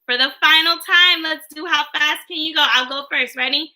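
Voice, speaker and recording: A woman teaching a livestreamed phonics lesson to young children, in a slow, sing-song way. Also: high voice, bright, forceful tone. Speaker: kindergarten teacher.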